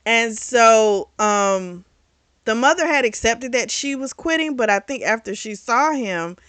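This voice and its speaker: A woman's voice: a little high, expressive, normal speed, fairly bright tone, no room sound. Chatty woman recapping a book. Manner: chatty, retells plot in quoted voices, frequent "like" and "um"; candid, swears casually. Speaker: book reviewer. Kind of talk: casual book review recap.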